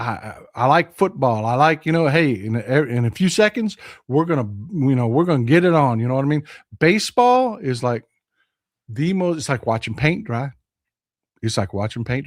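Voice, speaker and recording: A man hosting a livestream, telling stories in an excitable, animated way with loud exclamations. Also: mid-range voice, dry recording, clean studio sound. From Texas. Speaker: livestream host. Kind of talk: casual chat.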